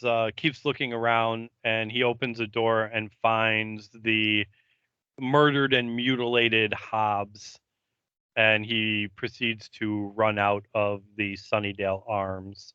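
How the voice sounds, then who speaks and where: Bright, clear male podcaster recapping loosely. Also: lowish voice, little pitch movement, slow pace, no room sound, dull audio. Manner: rambling recap with many ums and uhs. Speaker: podcast co-host. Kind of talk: casual episode recap.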